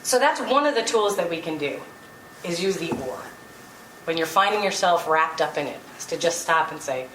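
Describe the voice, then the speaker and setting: An earnest woman gives a spiritual talk, her voice set a little low and picked up from some distance. The room is echoey, with a faint hum of ambience behind her. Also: lively intonation, normal speed, a bit bright. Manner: earnest and storytelling, with light laughs. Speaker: spiritual speaker. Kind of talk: inspirational talk to a gathering. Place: meeting room. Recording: roomy hall, distant mic, faint ambience.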